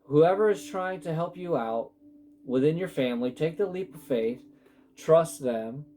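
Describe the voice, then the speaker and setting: A man's voice: a little high, lively intonation, a little slow, dark tone. Rambling man reading tarot, faint music. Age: adult with sons. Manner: emotional, rambling, self-interrupting. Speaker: tarot reader. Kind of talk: casual spiritual tarot reading.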